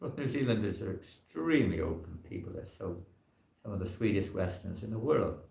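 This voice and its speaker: A man's voice: on the low side, expressive, brisk, vocal fry, darkish tone. A man, a monk, giving an informal scripture class in a temple hall, talking in a loose, rambling way full of "you know" fillers.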